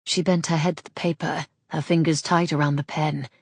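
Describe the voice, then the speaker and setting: Low, husky woman narrating a story. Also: fairly even intonation, brisk, few pauses, dry recording, clean studio sound. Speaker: audiobook narrator. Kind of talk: scripted narration of a romance novel.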